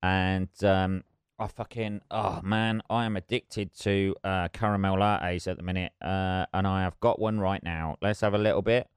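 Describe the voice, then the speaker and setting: A man's voice: low-pitched, fairly even intonation, normal speed, clear, resonant tone, dry recording, clean studio sound. A middle-aged man hosting his solo podcast, rambling, sweary and self-mocking. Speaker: podcast host. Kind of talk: casual solo podcast chat.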